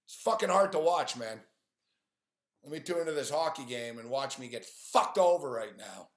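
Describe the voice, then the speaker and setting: A man's voice: medium pitch, lively intonation, normal speed. A man ranting on a live stream about sports games and his bets, swearing often and sounding frustrated. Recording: echoey room.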